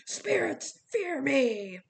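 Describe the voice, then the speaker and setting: A woman voicing a gruff, hot-headed male satyr coach who bellows his lines. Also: sits high, sing-song, very slow, pitched above the performer's own voice, full character voice. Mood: bellowing.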